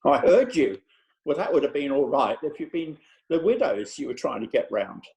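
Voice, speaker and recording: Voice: medium pitch, very animated, moderate pace, vocal fry, mellow. Someone doing a cheeky old clerk, dry comebacks, voice goes up and down a lot, echoey room. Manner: dry, cheeky, laconic backtalk. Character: sly, insolent old male town clerk. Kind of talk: comic stage reading.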